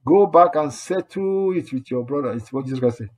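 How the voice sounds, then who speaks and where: Husky-voiced man preaching a sermon. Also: a little high, expressive, brisk, a little mellow. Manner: earnest, repetitive exhortation with quoted asides.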